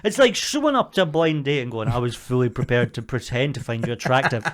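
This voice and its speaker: Animated man telling a story. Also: mid-range voice, quick pace. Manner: animated storyteller, loud voices for quoted people. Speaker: podcast co-host, comedian. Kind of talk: casual chat, storytelling.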